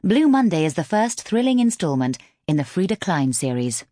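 A woman narrating an audiobook in a measured, expressive storytelling manner, close to a studio mic. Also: fairly low pitch, no echo.

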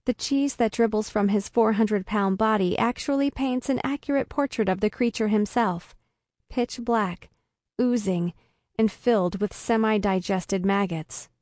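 A woman reading a first-person story aloud in a deadpan comic way. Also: mid-range voice, unhurried, no echo, studio quality. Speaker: narrator. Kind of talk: first-person audiobook narration.

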